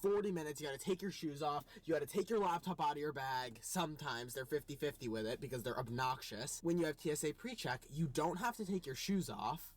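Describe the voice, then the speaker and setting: A man with a fairly high voice tells a casual story. He sounds exasperated, and he acts out the other people in it. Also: brisk, hardly any pauses. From United States. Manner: exasperated, animated retelling with voiced quotes. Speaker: co-host.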